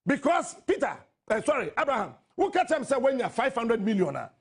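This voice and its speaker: A man with a Ghanaian accent hosting a radio talk show, delivering impassioned political commentary that mixes English and Twi, often shouting. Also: very high-pitched, very animated, brisk, vocal fry, husky. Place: radio studio.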